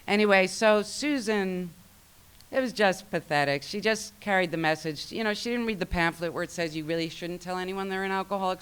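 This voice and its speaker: A woman with a smooth, clear voice tells her own story at a recovery meeting. She is wry and self-mocking, and she slips into the voices of the people she quotes. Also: fairly low pitch, fairly bright tone.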